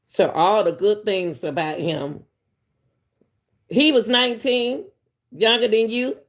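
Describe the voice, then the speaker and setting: A woman's voice: medium pitch, slow pace. Chatty woman commentary host. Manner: talks straight to viewers, chatty, chuckles between points. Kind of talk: casual commentary.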